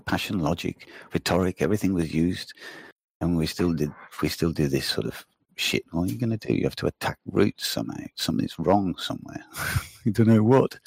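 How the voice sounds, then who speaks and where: Low husky man telling rambling stories. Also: dry recording, clean studio sound. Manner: rambling, swearing, animated storytelling. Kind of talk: casual chat.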